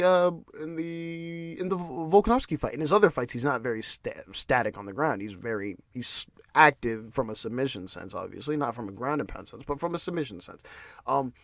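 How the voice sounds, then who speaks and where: A man's voice: on the high side, expressive, a little fast, dry recording, studio quality. A man hosting a podcast, ranting in casual solo commentary with restarts and repeated words. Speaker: podcast host.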